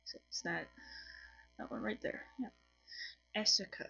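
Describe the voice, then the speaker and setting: Slow, giggly woman with a French accent. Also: medium pitch, gravelly, pushed and bright, highs cut off, faint music behind. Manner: chatty, giggly, apologetic, frequent restarts. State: tired. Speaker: language teacher on her own channel. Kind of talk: casual lesson to camera. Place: home room with colored lights.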